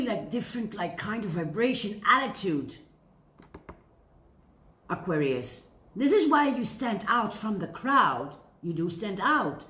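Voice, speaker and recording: In an echoey room with faint hiss, a woman with a fairly bright, higher voice does a playful tarot reading to camera. She keeps it casual and chatty, frequently answering her own rhetorical questions.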